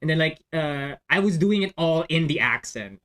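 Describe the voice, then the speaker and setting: A man's voice: a little high, lively intonation, moderate pace, fairly bright tone. A man, host and dungeon master, chatting casually with friends and telling a game story, often restarting sentences. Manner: rambling, restarting sentences, many fillers. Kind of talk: casual chat among friends.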